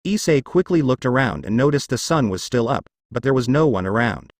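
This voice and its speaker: A man's voice: mid-range voice, expressive, a little fast, no echo, studio quality. A man reading a fanfiction story aloud as narration. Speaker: fanfic reader. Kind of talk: scripted narration.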